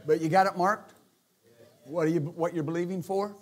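A man preaching a sermon as pastor, animated and joking, swinging from quiet asides to shouts. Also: a little high, moderate pace.

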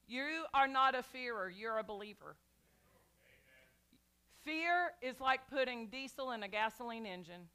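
A woman's voice: a little high, lively intonation, unhurried, sharp tone, clean tone. A woman pastor delivering a sermon, emphatic and repetitive, calling out to her congregation.

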